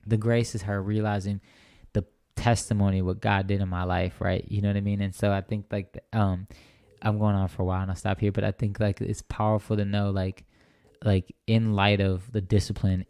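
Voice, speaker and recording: A man's voice: lowish voice, flat delivery, a little fast, a little mellow, smooth, dry recording, studio quality. A young man telling a personal faith story as an interview guest, earnest and rambling, often checking in with "right?". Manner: earnest, rambling with many restarts and "right?" tags. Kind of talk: conversational testimony.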